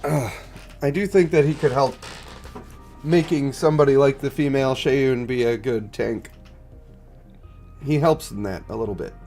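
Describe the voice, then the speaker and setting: Congested man streaming a game, chatting. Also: darkish tone. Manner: chatty, low-key, reading and answering chat. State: congested, stuffed up. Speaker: gaming streamer. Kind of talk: casual live-stream chat.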